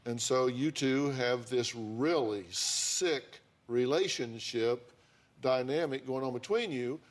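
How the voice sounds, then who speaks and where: An older man with a drawl who talks in a blunt, sarcastic, lecturing way. He confronts guests directly on a TV studio set, his voice sitting at an ordinary middle pitch. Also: slow. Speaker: talk show host. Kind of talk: confrontational talk show counseling.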